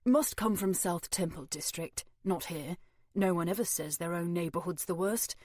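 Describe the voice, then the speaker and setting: A woman voicing an energetic, flippant young male detective from overseas in an audiobook. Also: lowish voice, normal speed, no room sound, studio quality, close to an everyday voice. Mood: cheeky. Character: brash chatty young male foreign detective.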